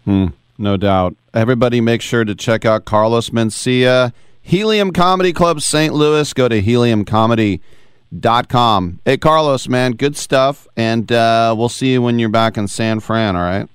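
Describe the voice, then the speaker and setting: A man hosting a sports radio podcast, making brief affirmations and a smooth sign-off. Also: mid-range voice, unhurried, dry recording, studio quality. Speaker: podcast host. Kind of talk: radio interview.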